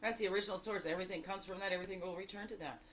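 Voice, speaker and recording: A woman giving a daily spiritual card reading in a lively, exclamatory way, full of rhetorical questions and repeated phrases. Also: very fast, slight background noise, poor audio. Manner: animated, jumping between loud bursts and low asides. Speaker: spiritual guide.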